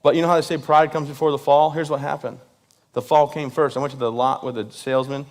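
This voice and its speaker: A man's voice: on the high side, steady tone, quick pace. Jokey man telling stories on stage. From Michigan. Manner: self-deprecating, jokey, many "right?" asides. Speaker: guest speaker. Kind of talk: humorous storytelling speech. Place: live event stage.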